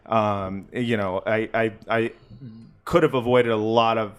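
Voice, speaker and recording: A man's voice: fairly low pitch, steady tone, smooth. A man co-hosting a podcast, speaking earnestly and bluntly about addiction recovery, with frequent fillers, restarts and swearing. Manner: earnest, profane, halting with many fillers. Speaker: podcast co-host. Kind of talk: casual podcast chat.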